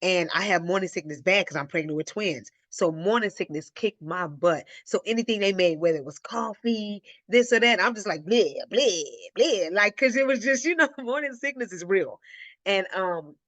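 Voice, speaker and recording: Lively woman telling her story, dry sound. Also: mid-range voice, moderate pace, no echo. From Illinois. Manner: animated, acts out quoted voices, addresses listeners as y'all. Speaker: host of a live Q&A. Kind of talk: casual personal storytelling.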